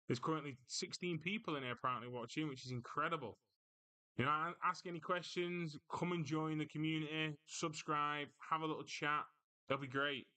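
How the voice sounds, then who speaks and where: A man's voice: a little high, pushed and bright, smooth. A man hosting a casual football livestream, chatting loosely and answering viewers' comments as he reads them out. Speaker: livestream host.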